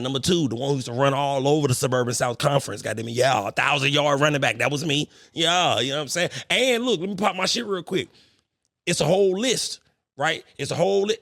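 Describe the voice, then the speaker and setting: Boastful, gravelly young male podcast host. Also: a little high, no room sound, studio quality. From St. Louis, Missouri. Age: young adult. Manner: boastful, animated, profane trash talk. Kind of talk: casual chat.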